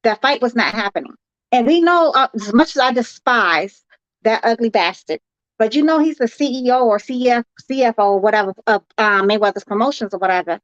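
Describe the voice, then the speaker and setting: A woman's voice: fairly high pitch, animated, fairly quick, dry recording. A woman co-hosting a boxing talk show, chatting casually in a rambling, hesitant way with many fillers. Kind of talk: casual chat. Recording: slightly dull lo-fi audio.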